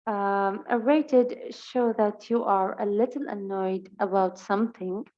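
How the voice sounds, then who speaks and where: A woman's voice: mid-range voice, warm tone, highs cut off. Woman teacher with a Levantine Arabic accent. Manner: reads example sentences slowly, explains quickly in Levantine Arabic. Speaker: English teacher. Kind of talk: bilingual vocabulary lesson.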